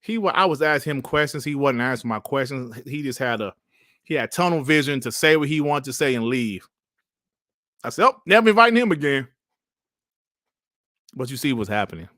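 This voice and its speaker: A man's voice: mid-range voice, a little fast, fairly bright tone, no echo, clean studio sound. A man hosting a casual live stream, laughing often and trash-talking with plenty of swearing. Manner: laughing, profane trash talk.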